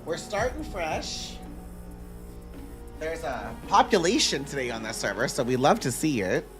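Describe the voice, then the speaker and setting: A man's voice: mid-range voice, very animated, a little fast, faint music behind. Chatty male game streamer thinking aloud. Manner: chatty, thinks aloud, hums between sentences. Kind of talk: live gameplay commentary chatting with viewers.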